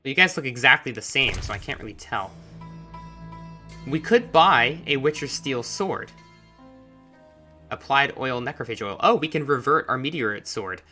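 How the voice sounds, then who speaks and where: A man's voice: mid-range voice, expressive, normal speed, pauses often, bright, forceful tone, soft background music. A man giving casual, chatty commentary while playing a video game, with musing asides. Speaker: gameplay commentator. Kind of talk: casual let's-play commentary.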